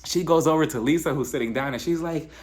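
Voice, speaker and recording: A man casually recapping a reality TV episode in an animated, gossipy way. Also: a little high, fast talker. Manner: animated, gossipy, laughs often. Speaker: reality TV reviewer.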